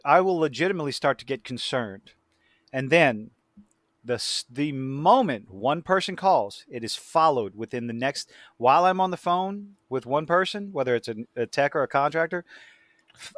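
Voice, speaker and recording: A man's voice: mid-range voice, lively intonation, normal speed, fairly bright tone, no echo, studio quality. Rambling, foul-mouthed man hosting a chat. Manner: profane, rambling with frequent restarts. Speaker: podcast host; work supervisor who takes many calls. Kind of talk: casual chat.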